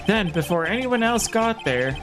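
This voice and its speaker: A woman's voice: medium pitch, animated, moderate pace, over music, pitched above the performer's own voice, natural voice. A woman reading the lines of an earnest young male defense lawyer in a game. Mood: arguing.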